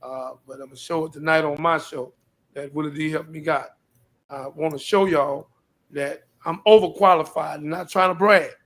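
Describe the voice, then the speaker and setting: An older man with a high, gravelly voice talks on his live show in a preachy, repetitive way. His lines often climb into pleading questions. He comes from Houston, Texas. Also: fairly even intonation, moderate pace, a bit bright. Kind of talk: preachy live-stream talk.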